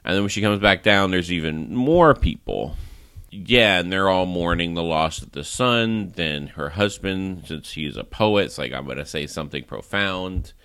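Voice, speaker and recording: Low-voiced man rambling through a recap. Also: a little slow, clean tone, no echo. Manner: rambling, animated plot recap with frequent "like" and laughs. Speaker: podcast host. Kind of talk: casual movie review.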